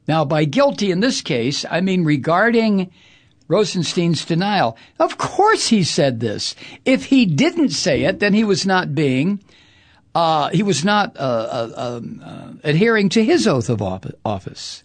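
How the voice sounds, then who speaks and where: On his political talk radio show, a man unleashes an angry, profane, sarcastic monologue, stretching out words for emphasis. His voice sits high, swings widely in pitch, and moves at an unhurried pace.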